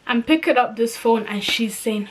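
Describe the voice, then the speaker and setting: Animated young woman telling a story. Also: a little high, normal speed. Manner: animated, slangy, acts out dialogue. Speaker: vlogger. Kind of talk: storytime retelling.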